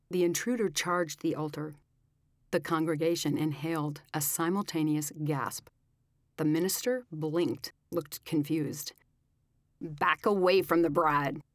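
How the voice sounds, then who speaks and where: A woman reading an audiobook aloud in a measured, dramatic storytelling manner. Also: deep voice, a little mellow, dry recording, clean studio sound. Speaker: audiobook narrator. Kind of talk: scripted narration.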